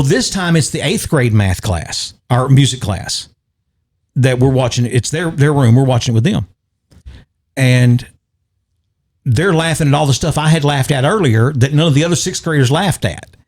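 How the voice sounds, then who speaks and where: A man's voice: mid-range voice, darkish tone. A man co-hosting a podcast, telling long rambling stories in casual chat and chuckling often. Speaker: podcast co-host.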